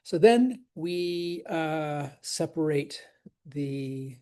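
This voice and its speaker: Man, teacher, slow unhurried delivery, encouraging, walks through examples. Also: on the high side, lively intonation, dark tone, clean tone. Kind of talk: teaching verse scansion.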